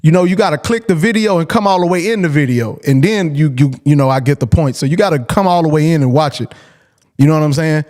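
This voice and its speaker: A man's voice: on the high side, fast, a little mellow. A man hosting a call-in show, talking casually and bluntly, repeating his points for emphasis. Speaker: host.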